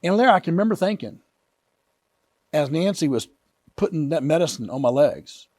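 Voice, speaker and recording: A man in his fifties, an author telling personal stories in an earnest, animated way. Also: fairly high pitch, normal speed, dry recording. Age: 50s. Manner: animated, earnest, vivid retelling. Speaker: author and guest. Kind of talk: emotional personal storytelling.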